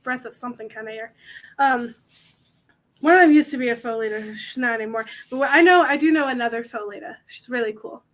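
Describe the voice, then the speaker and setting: A woman's voice: on the high side, fast, a bit bright. A young woman hosting a convention panel, chatting casually to the audience in a rambling, self-mocking way.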